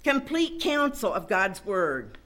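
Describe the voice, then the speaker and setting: A woman preaches with a bright, ringing voice that rises and falls widely. She repeats phrases to drive her points home and reads scripture aloud at an unhurried pace. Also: medium pitch, big pitch swings. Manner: emphatic, repeats phrases for stress. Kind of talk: sermon.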